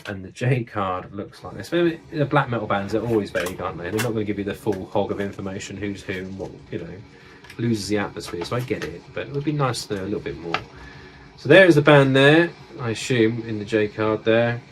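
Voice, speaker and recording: A man's voice: fairly low pitch, brisk. A man from the United Kingdom casually showing off his record collection, enthusiastic and swearing freely. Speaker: music collector vlogger.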